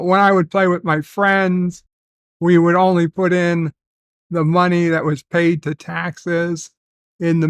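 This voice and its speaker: A man hosting a casual livestream, reading viewer comments aloud and telling rambling stories with many filler pauses. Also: fairly high pitch, a bit bright, clear, resonant tone, dry recording. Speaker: livestream host.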